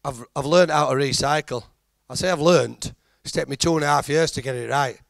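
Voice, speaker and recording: A middle-aged Yorkshire man works the room in a stand-up set, chatty and self-mocking. His voice sits a touch high for a man and has a gravelly rasp. The sound is close and dry, with no room echo. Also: brisk. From Halifax, England. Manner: chatty, self-deprecating, teasing the crowd. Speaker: stand-up comedian. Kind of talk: stand-up routine.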